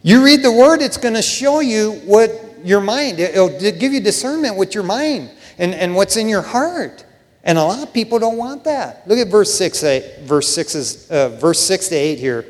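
A man preaching a sermon in a casual, joking way, often saying "man", swinging between hushed asides and loud bursts. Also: sits high, very animated, normal speed. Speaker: pastor. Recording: long hall reverb.

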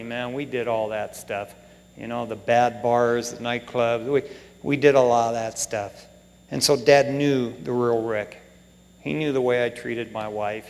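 A man's voice: mid-range voice, gravelly. A middle-aged man preaching a sermon as pastor, folksy and emotional, with "man" and "you know" all through his talk. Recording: long hall reverb.

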